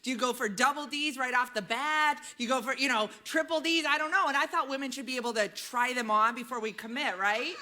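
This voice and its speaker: A woman in her thirties doing a chatty, animated stand-up set on a club stage, often tagging lines with "right?". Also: high voice, a little fast, hardly any pauses. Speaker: stand-up comedian. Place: comedy club stage with a live audience.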